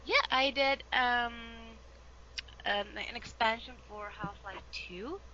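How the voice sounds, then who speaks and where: A woman from Sweden with a Swedish accent, English not her first language, chatting casually as an interview guest, lively and laughing often, with many fillers. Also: fairly high pitch, slow, dull audio, a little hiss or hum. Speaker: voice actress guest.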